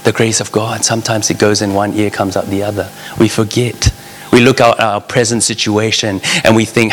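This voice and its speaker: A man's voice: lowish voice, flat delivery, normal speed. A man preaching a sermon in an earnest, conversational way, speaking straight to his listeners. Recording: long reverb of a large hall.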